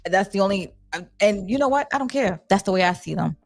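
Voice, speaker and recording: A woman's voice: medium pitch, animated, brisk, gravelly, soft background music. A young adult woman, hosting a live chat, candid and blunt, reading viewer comments. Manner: candid, blunt, swears casually. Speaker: livestream host.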